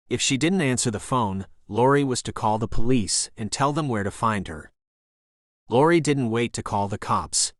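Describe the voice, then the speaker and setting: A man narrating an action thriller audiobook in a steady, even reading voice. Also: medium pitch, dry recording, clean studio sound. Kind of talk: scripted narration.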